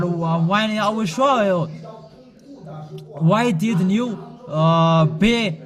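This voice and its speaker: A man preaching a sermon and scolding his listeners directly, in a halting way with frequent pauses and restarts. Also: high-pitched. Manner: admonishing the congregation directly.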